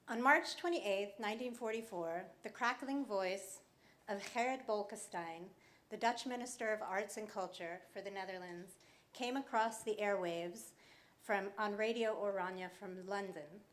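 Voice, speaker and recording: A woman author thanking the hosts and starting a prepared story on a club stage. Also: mid-range voice. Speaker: author giving a reading.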